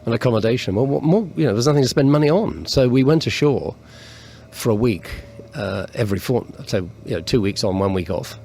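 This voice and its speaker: A man, now a politician and once an actor turned DJ, recalling his time on the ship in a measured, wry way. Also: mid-range voice, lively intonation, dark tone, slightly rough. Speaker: politician and former DJ. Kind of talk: reminiscing interview.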